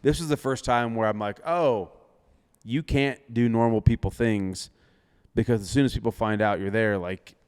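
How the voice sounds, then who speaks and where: A young man, a DJ, telling a story in casual chat, animated, laughing often and filling with lots of "like". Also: lowish voice, normal speed, smooth, long reverb tail. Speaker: DJ and podcast guest.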